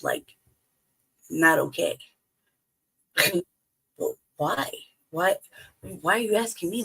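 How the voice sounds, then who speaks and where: A woman livestreaming her opinions in a loose, profane rant, breaking into laughter and firing off sarcastic questions. Her voice has a gravelly, husky edge and swings widely in pitch. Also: no echo, low-quality recording. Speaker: livestream commentator. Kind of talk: profane casual commentary. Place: home livestream.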